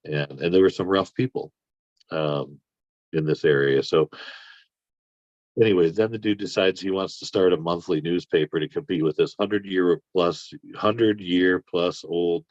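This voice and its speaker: A man with a very deep voice tells a long, rambling personal story, swearing freely and getting worked up as he goes. The sound is dry and a little muffled. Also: a little slow, no echo. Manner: rambling, profane, animated when riled. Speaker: podcast guest. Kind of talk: casual storytelling.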